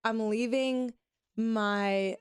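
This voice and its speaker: A woman from Louisiana, a singer guesting at a radio studio, chatting in an animated way and laughing often. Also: on the high side, extremely slow, clean tone, dry recording. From Louisiana, USA. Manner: animated, laughs often, mimics her own voice. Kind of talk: casual chat.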